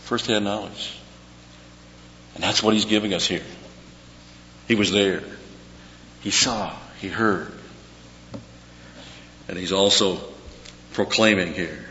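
A man preaching an expository sermon in a slow, deliberate cadence, his voice bright and forceful and a bit low. He repeats key words for emphasis. The sound is dull and carries a long hall reverb over a faint hum.

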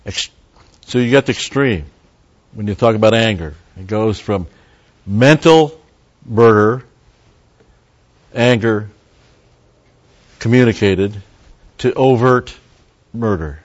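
A man's voice: lowish voice, takes it slowly, long pauses, lo-fi sound. A man preaching a verse-by-verse sermon as a Bible teacher, talking conversationally, stopping for Hebrew word study and making wry asides to the congregation.

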